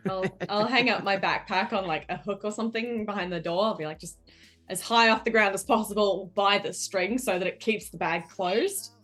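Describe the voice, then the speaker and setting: A woman's voice: mid-range voice, moderate pace, a bit bright, soft background music. A woman playing a tabletop role-playing game, speaking in character with a shy, stammering manner. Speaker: player.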